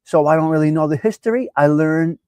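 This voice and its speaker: Host: middle-aged new guy, animated and preachy, a bit high-pitched, dry close sound. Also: a little fast, clear, resonant tone, no room sound. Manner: animated, preachy, talks straight to viewers. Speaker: live stream host. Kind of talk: casual chat reading viewer comments.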